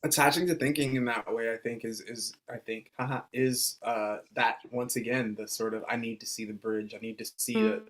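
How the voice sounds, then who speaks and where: A man co-hosting a podcast in casual chat, halting and hesitant, often pausing with "um" and restarting sentences. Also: mid-range voice, steady tone, a bit bright. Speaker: podcast co-host.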